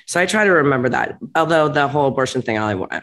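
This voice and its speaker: A woman's voice: very deep voice, lively intonation, very fast. A woman who owns a restaurant, talking bluntly and emphatically as a guest in a candid interview. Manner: blunt, emphatic, gets heated and laughs it off. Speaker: restaurant owner, podcast guest.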